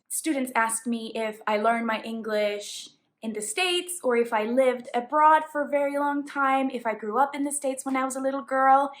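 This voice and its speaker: A woman's voice: on the high side, fairly bright tone. Colombian-accented woman teaching English tips. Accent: Colombian Spanish. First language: Spanish. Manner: clear, explanatory, emphatic on examples. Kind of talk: tips lesson to camera.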